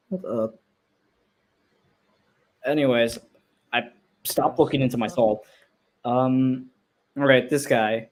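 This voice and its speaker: A young adult creator giving casual, profane commentary on their own old video, laughing at their past choices and swearing freely. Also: medium pitch.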